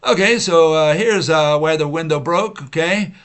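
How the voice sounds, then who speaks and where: A man's voice: fairly high pitch, moderate pace, fairly bright tone, clean tone. A man hosting a livestream, lecturing in a rambling, argumentative way, full of "you know" and "uh," and mocking his opponents by quoting them. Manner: argumentative, repetitive, with frequent "you know" and "uh" fillers; mocking, mimics opponents in quoted voices. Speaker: host of a science-skeptic livestream.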